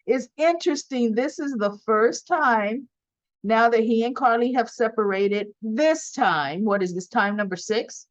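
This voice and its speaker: A woman's voice: on the high side, unhurried. A woman recapping a soap opera episode in a chatty, rambling way full of fillers and asides. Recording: dull lo-fi sound.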